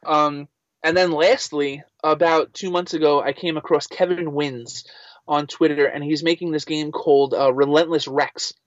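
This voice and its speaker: An animated man, a voice actor and writer appearing as an interview guest, tells his story casually and loosely with many fillers, at normal speed. His voice sits a little high for a man, and the recording is dry, echo-free, and slightly muffled and dull.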